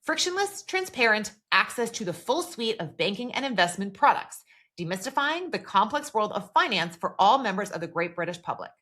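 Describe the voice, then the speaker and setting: A woman's voice: mid-range voice, lively intonation, a little fast, a bit bright. A woman co-hosting a podcast, retelling TV scenes in casual chat, quoting characters and using a lot of filler words. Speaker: podcast co-host.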